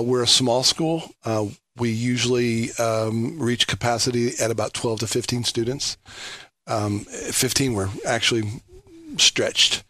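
Man, Oklahoma accent, radio guest, halting with ums, dry sound. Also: mid-range voice, fairly bright tone, dry recording. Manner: hesitant, many ums, plain-spoken. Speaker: discipleship school leader.

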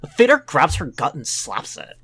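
Brief: low, animated woman, comedy podcast co-host, reads aloud in a fake British accent. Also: normal speed. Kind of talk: casual comedy podcast chat.

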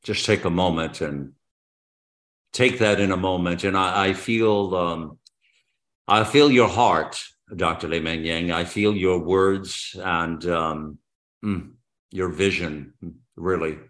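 A man with a very low voice hosts a talk radio show. He speaks with fervent, patriotic passion, circling back and restarting his sentences as he goes. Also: slow pace, a bit bright. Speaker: radio host.

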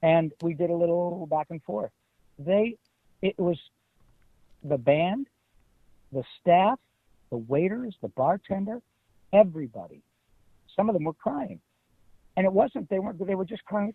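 A middle-aged man from Detroit, telling stories as an interview guest in an animated, emphatic way. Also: sits high, a little slow, vocal fry, long pauses, dry recording. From Detroit, USA. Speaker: guest voice actor. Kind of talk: casual interview. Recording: tinny phone-like line.

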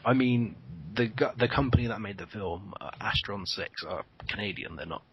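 Husky man podcast guest, lo-fi. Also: on the low side, normal speed. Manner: enthusiastic, swears casually. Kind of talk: casual chat. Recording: dull lo-fi podcast audio.

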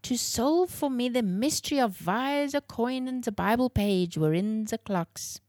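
A woman voicing a sober, solemn elderly Swiss woman who speaks slowly. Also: a little high, expressive, a little mellow, no room sound, clean studio sound, pitched above the performer's own voice. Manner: slow and solemn.

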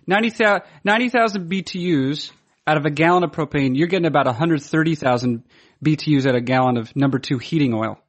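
A man co-hosting a podcast in casual, joking chat, needling his friend with questions and fast asides. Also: fairly high pitch. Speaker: podcast co-host.

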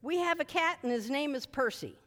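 A woman preaches a sermon with a high voice that leaps around her range. She is bright and unhurried, shouting at times and chatting through stories at others. Her voice rings out in a hall with a long echo. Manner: animated, shouting commands at spirits, then chatty storytelling with asides. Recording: reverberant hall.

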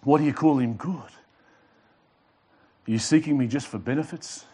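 A man's voice: medium pitch, mellow, husky. A male pastor preaching a sermon with emphatic delivery, repeating and underlining his words. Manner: emphatic preaching with pauses and repetitions.

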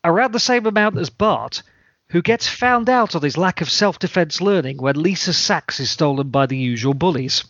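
A man recaps an episode in a semi-deadpan, dry-witted way, his pitch bouncing around freely. His voice sits a touch high for a man. The sound is dry and close, with a dull, lo-fi tone. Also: moderate pace, dry recording. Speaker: podcast host.

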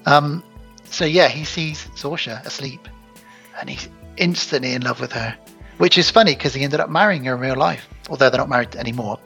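A man co-hosting a casual film chat, animated and acting out lines from the film in put-on voices. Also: mid-range voice, a little fast, gravelly, faint music behind, poor audio. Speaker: podcast co-host.

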